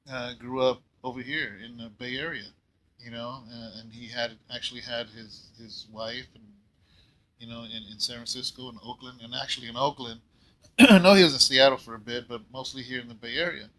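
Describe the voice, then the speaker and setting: A man pastoring a church, telling a story in a casual, rambling way and often clearing his throat. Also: mid-range voice, sharp tone, poor audio. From California. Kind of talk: casual Bible talk.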